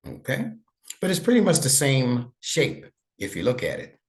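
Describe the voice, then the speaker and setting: A man's voice: mid-range voice, huge pitch swings, normal speed. A man teaching an online lesson over a video call, patient and encouraging, praising his student often. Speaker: instructor.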